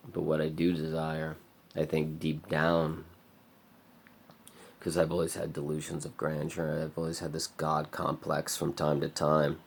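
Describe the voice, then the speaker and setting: A man giving a rambling, halting confessional monologue for his vlog, heavy on filler words, who sometimes drops to a murmur. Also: extremely low pitch, monotone, vocal fry, slight background noise. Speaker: vlogger.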